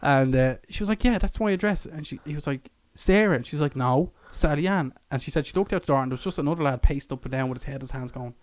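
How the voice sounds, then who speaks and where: A young Irish podcast co-host barrels through a long story at rapid-fire speed with few pauses. His medium-pitched voice is a little mellow and carries no echo. In the casual chat he swears, laughs, and impersonates the people involved, raising his voice for their quotes.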